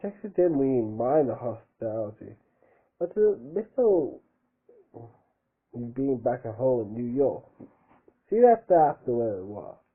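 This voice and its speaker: A man's voice: mid-range voice, big pitch swings, measured pace, long pauses, breathy edge. A man reading a fan book aloud in a casual way, tripping over words, rereading his slips and adding his own asides. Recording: tinny phone-like sound.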